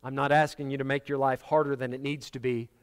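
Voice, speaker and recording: A man's voice: medium pitch, flat delivery, fast, clean tone. A man preaching a sermon, telling stories dramatically and acting out the voices of the people in them. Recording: long hall reverb.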